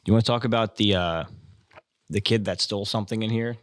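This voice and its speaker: A man's voice: fairly low pitch, fast, no room sound, studio quality. Man joking in slangy podcast chat.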